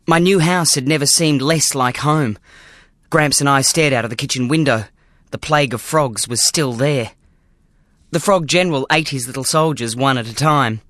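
An audiobook reader narrating a children's story in the first person with dramatic, expressive delivery. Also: medium pitch, no echo, clean studio sound. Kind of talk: scripted narration.

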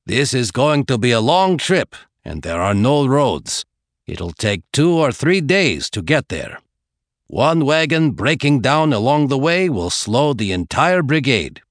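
Gruff old herdsman played by a man, sixties, growling, scolding, audiobook, dry sound. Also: medium pitch, very animated, measured pace, dry recording. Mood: stern. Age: 60s. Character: stern old male grassland herdsman, gruff.

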